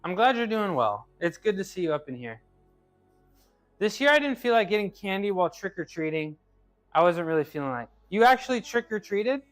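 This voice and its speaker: Man live-streaming a workout and reading chat, slightly high, easygoing and talkative, light music under him. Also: big pitch swings, fairly quick. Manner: chatty, laughs easily, restarts phrases. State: working out.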